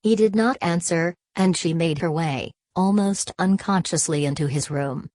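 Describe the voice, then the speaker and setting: A woman narrating an audiobook of a classic novel in a steady, measured reading. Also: on the low side, dry recording. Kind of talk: scripted narration.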